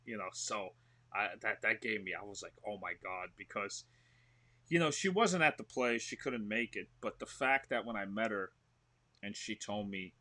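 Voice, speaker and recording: This guest actor has a New York accent and a lowish voice at a normal speed. Interviewed on a casual podcast, he's an animated storyteller who acts out whatever he's recounting.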